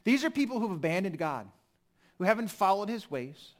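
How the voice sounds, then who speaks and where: A pastor preaching a sermon, swinging from emphatic lines to hushed, almost whispered ones. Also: male voice, high voice, big pitch swings, moderate pace.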